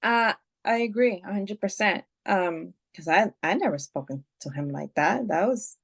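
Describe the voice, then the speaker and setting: A woman's voice: mid-range voice, animated, moderate pace, creaky, breathy edge. A woman, a podcast guest, telling a personal story in casual chat, swearing freely and filling her talk with "like" and "you know". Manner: emotional retelling, swears freely, many fillers.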